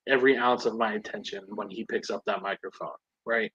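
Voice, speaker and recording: A man's voice: medium pitch, level tone, normal speed, a bit bright, dull audio. A man co-hosting a podcast, giving emphatic and enthusiastic opinions in casual chat. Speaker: podcast co-host.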